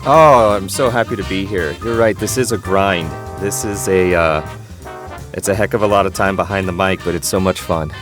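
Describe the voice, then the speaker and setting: Low-voiced man, enthusiastic podcast guest. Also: moderate pace, music in the background. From Cincinnati, US. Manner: upbeat, enthusiastic. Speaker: guest, audiobook narrator. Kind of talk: podcast interview.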